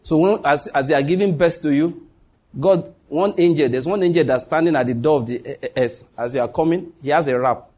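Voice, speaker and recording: A man's voice: a little high, a little fast, a little mellow. A man preaching a sermon as pastor, emphatic, repeating his points and swinging his voice up and down.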